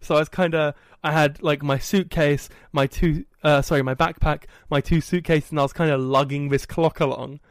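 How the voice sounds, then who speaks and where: Guy on a podcast rambling through a funny story, kinda high voice, dead dry sound. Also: normal speed, few pauses, dry recording. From England. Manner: animated, self-mocking storytelling. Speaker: podcast host. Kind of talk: casual storytelling chat. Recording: dry, poorly set up audio.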